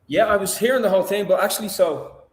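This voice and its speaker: A man's voice: high-pitched, quick pace. A young man, a guest on a video-call stream, talking in a rambling, chatty, self-deprecating way. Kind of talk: casual livestream chat. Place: indoor room. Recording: echoey room over video call.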